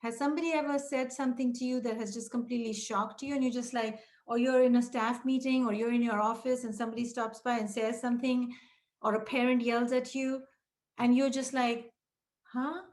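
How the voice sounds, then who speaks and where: A woman's voice: steady tone, fairly quick, darkish tone. A middle-aged woman presenting a training webinar for childcare leaders, speaking directly to listeners and acting out short quoted exchanges. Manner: breaks into quoted dialogue with raised pitch. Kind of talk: webinar teaching talk.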